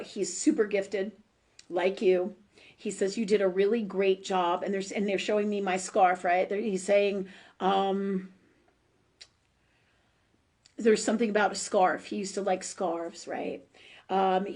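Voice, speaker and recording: A middle-aged woman speaks as a spiritual medium on a live stream, reading for viewers in a loose, heartfelt, rambling style. She restarts her sentences and fills gaps with ums, and her tone turns blunt and profane when she is frustrated. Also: medium pitch. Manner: emotional, warm-hearted, rambling with many fillers and restarts; blunt, swears freely. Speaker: spiritual medium hosting a live call-in show.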